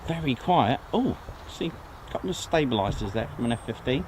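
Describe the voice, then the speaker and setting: A man's voice: medium pitch, sing-song, a little fast, noisy background. A man hosting a casual live stream from an outdoor airfield viewing area, chatting and thanking viewers by name. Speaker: livestream host.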